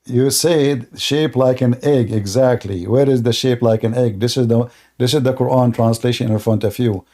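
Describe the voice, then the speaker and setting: A man's voice: mid-range voice, fairly even intonation, moderate pace, dark tone. A man hosting a live-streamed religious debate who talks in a combative, insulting way, cuts callers off, and often repeats and restarts his words. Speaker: debate show host.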